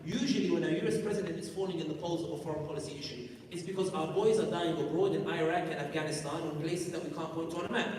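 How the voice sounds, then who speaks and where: A man's voice: a little high, fairly even intonation, fast, few pauses, darkish tone, slight background noise. A man giving an emphatic live talk at a youth conference, firing off rhetorical questions and directing the crowd. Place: large conference hall. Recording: echoey hall from far off.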